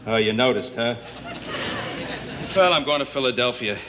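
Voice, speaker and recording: An actor playing a pushy, fast-talking male merchant with a salesman's wheedling patter in a 1960s TV comedy sketch. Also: mid-range voice, animated, a crowd in the background, lightly acted. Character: pushy, wisecracking male merchant haggling over goods. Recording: noisy 1960s broadcast audio.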